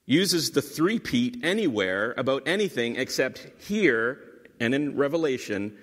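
A pastor with a mid-range, fairly bright voice preaches a teaching sermon that explains scripture. He drives points home through repetition and slips in dry asides, all under long hall reverb.

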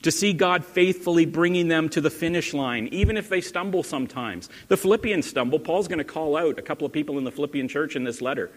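A man's voice: on the high side, quick pace, few pauses. A male pastor giving a sermon in an earnest, conversational way, asking his listeners questions. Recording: long hall reverb.

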